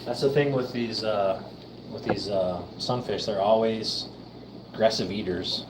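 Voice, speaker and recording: A middle-aged man hosts a casual livestream from a fish room full of aquarium tanks, chatting in a laid-back way and talking to his fish. His voice sits on the low side and moves a little slowly, with background noise in the recording.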